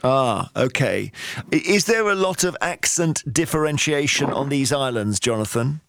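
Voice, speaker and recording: A man hosting a radio chat show, lively and quick to interject with questions. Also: mid-range voice, gravelly, no echo. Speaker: radio presenter.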